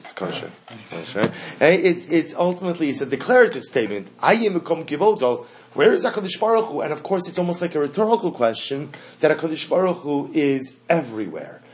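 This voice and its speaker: Lively man teaching a class. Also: a little high, fast, hardly any pauses, a little hiss or hum. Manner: animated, asks the class questions and repeats key phrases. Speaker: Torah teacher. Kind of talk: classroom Torah lesson.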